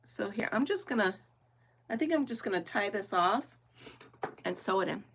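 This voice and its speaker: Speaking at a moderate pace in a medium-pitched, expressive, slightly bright voice, a middle-aged woman chats loosely with viewers as she works on a craft livestream. She laughs often and thinks aloud, and there's a little background noise.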